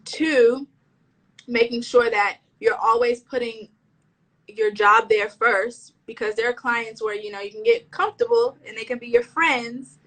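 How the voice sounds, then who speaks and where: A woman's voice: fairly high pitch, vocal fry, fairly bright tone, poor audio. A woman stylist chatting casually in an interview over a video call, slangy and full of restarts. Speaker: fashion stylist.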